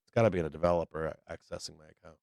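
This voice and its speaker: A man hosting a live trading stream, chatting casually in a profane, rambling, excitable way. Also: low voice, rapid-fire, gravelly, dry recording. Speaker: livestream trading show host. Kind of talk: casual livestream chat.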